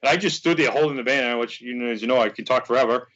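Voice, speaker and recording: A man's voice: mid-range voice, racing, dull audio. A man telling a long story in casual conversation, rambling and acting out what people said. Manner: rambling, animated, acts out quoted dialogue. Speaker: podcast guest, fan charity organizer.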